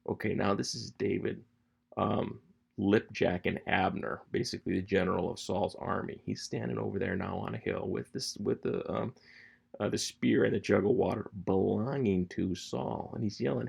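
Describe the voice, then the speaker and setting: Man, Bible teaching, casual and conversational, gravelly voice, slightly low. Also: normal speed, a little mellow. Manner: conversational, paraphrases scripture in slangy everyday talk. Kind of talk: casual Bible teaching, reading scripture aloud.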